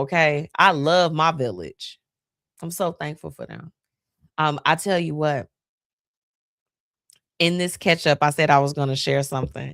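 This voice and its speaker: A woman's voice: extremely low pitch, no echo, studio quality. A woman hosting a live stream, talking casually and emotionally about her friends. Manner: chatty, heartfelt, emotional. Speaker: host.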